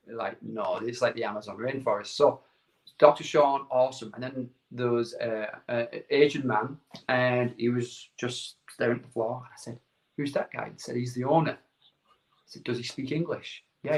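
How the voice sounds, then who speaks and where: A man's voice: medium pitch, moderate pace. A middle-aged man telling a personal story in a casual interview, acting out quoted dialogue and repeating words as he goes. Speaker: guest. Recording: echoey room.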